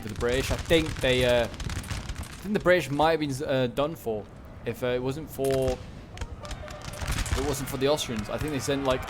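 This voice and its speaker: With a noisy background full of gunfire and battle sounds, a man at medium pitch excitedly rambles about a strategy game battle and talks back to his units.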